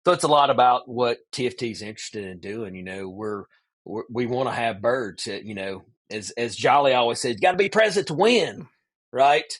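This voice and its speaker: A man's voice: medium pitch, moderate pace. A man, a podcast guest, casually telling a long story with lots of "man" asides. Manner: animated storyteller, peppers speech with "man".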